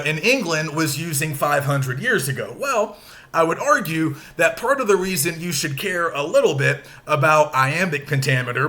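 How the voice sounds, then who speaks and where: A man teaching a recorded lecture, explaining slowly and stressing syllables aloud to show the rhythm. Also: fairly high pitch, bright, forceful tone.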